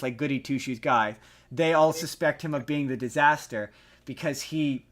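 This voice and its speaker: A man co-hosting a casual podcast, retelling a story in a rambling, animated way with lots of restarts. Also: mid-range voice. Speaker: podcast co-host.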